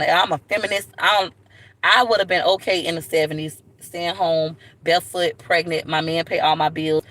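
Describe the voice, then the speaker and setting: A woman chats straight to her viewers in a bright, forceful voice. She is blunt and lively, telling stories with loud asides. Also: fairly low pitch. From Florida, USA. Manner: blunt, animated, calls viewers baby. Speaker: vlogger. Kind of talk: casual storytelling to camera.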